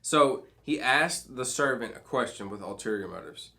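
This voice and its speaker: A man's voice: mid-range voice, expressive, normal speed, gravelly, sharp tone. A man leading a devotional for students. He reads scripture and explains it in a conversational way, often checking in with "okay?" and "right?". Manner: frequent restarts and fillers. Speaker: youth pastor. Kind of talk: midweek devotional teaching to students.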